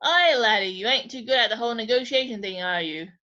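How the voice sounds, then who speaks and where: A woman's voice: on the high side, fast talker, sharp tone. A woman voicing a cocky male talking sword with a Scots-style brogue, mocking and swaggering, on a dull lo-fi recording. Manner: mocking, swaggering, calls people laddie.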